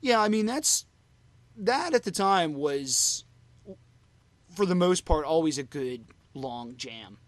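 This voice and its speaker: Rambling casual man, slightly high voice. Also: very animated, slow, long pauses, dry recording. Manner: rambling, heavy on fillers and "you know". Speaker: podcast co-host. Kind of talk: casual fan podcast chat.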